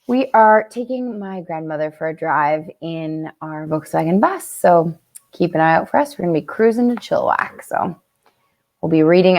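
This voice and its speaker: A woman's voice: mid-range voice, creaky. Woman reading a bedtime story. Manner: chatty, warm asides between read passages. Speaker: camp storyteller.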